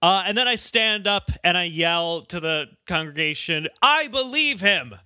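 Bright, playful young-sounding male player. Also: fairly high pitch, moderate pace, clean tone, no room sound, clean studio sound. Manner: laughing, playful. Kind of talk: tabletop game play, casual chat.

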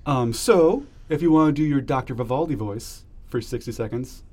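A man's voice: mid-range voice, moderate pace, a little mellow. A man hosting a book podcast, joking wryly and running the segments in a casual way. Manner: wry, jokey, reads out segment options. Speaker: podcast host. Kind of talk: casual chat.

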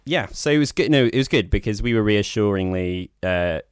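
Smooth low-voiced man, wry podcast host. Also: lively intonation, a little fast, faint music behind. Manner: rambling, wry, full of restarts. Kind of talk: casual film review chat.

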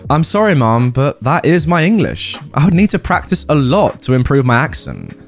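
A man's voice: fairly high pitch, big pitch swings, normal speed, faint music behind. A man as a stammering, earnest young waiter. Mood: earnest firm. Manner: earnest, firm, slightly stammering. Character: young male waiter, patient then annoyed.

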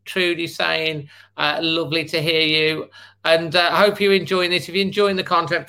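A man's voice: high voice, bright, forceful tone. A man hosting a casual online fan show, friendly and calling his guests mate. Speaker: host. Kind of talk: casual chat.

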